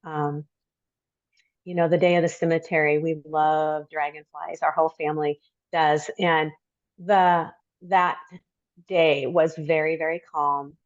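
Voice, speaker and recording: A middle-aged woman telling a personal story as a podcast guest, reflective and halting, with many pauses. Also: low voice, level tone, no echo, dull audio.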